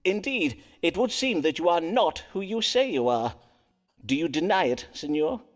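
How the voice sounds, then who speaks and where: A dramatic old-time astrologer, animated high voice, archaic speech. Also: male voice, normal speed. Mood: grave. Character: Elizabethan astrologer doctor, proud and dramatic.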